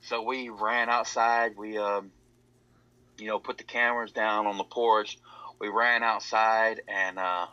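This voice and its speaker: A man's voice: fairly low pitch, flat delivery, unhurried, sharp tone, smooth, no room sound. A man telling a rambling story, repeating "he said" over and over. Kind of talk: casual storytelling. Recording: dull lo-fi audio.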